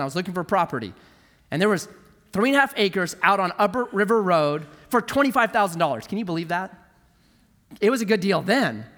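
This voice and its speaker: Male pastor, middle-aged, sermon delivery. High, bright voice that swings widely in pitch, with a long hall reverb. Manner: animated storytelling, acting out quoted voices.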